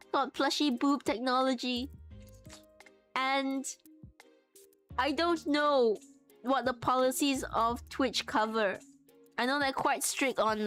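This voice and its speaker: Chatty, laughing woman streaming her crafts. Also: on the high side. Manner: chatty, laughs often, greets chat. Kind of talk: casual live crafting stream.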